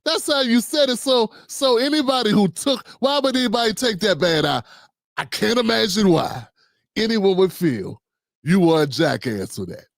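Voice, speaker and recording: Animated, sarcastic male commentator. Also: high voice, normal speed, gravelly, dry recording, clean studio sound. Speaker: show host and commentator. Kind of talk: livestream commentary.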